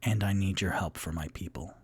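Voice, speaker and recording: A man voicing a tall female doppelganger who speaks in a low, hushed, matter-of-fact way. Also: a little fast, breathy edge. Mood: deadpan.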